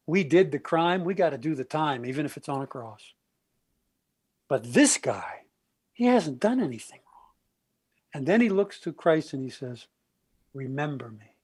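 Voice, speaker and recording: Animated storytelling man, higher voice. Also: slightly rough. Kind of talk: conversational podcast discussion.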